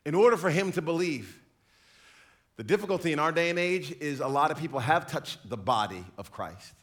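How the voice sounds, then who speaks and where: Male pastor, sermon, animated and joking, bright forceful voice, somewhat high. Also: a little fast.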